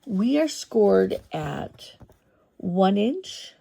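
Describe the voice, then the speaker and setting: Slow, gravelly-voiced woman crafter. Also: mid-range voice, sing-song, dark tone. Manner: step-by-step, unhurried, thinking aloud. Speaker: papercraft tutorial host. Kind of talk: craft tutorial demonstration.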